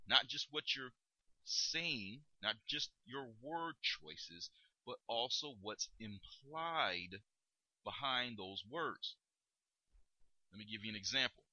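A man hosting a podcast lesson on communication, speaking deliberately and stressing key words as he explains. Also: mid-range voice, expressive, pushed and bright, no echo, dull audio. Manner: deliberate, emphatic, stretches key words for demonstration. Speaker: podcast host teaching communication skills. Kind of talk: instructional podcast talk.

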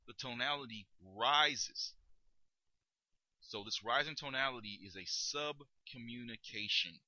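A man hosting a podcast lesson on communication, speaking deliberately and stressing key words as he explains. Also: medium pitch, bright, forceful tone, no echo, highs cut off. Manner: deliberate, emphatic, stretches key words for demonstration. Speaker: podcast host teaching communication skills. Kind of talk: instructional podcast talk.

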